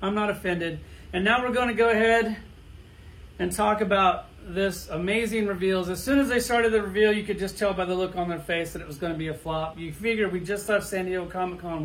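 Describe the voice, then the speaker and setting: A middle-aged man ranting bluntly and crudely, firing off rhetorical questions in a profane monologue. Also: sits high. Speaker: toy collector vlogger.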